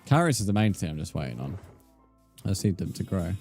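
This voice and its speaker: A man's voice: deep voice, big pitch swings, fast talker, gravelly, darkish tone, soft background music. Laid-back man streaming games. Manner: laid-back, chatty, calls viewers mate. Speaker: game streamer. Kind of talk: casual livestream chat while playing.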